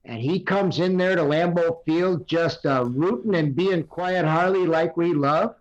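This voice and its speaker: Heard through lo-fi sound on a video call, an older man with a fairly high voice speaks a little slowly, hosting a recurring guest segment on a casual podcast. He rambles through stories and quiz questions, filling them with filler words.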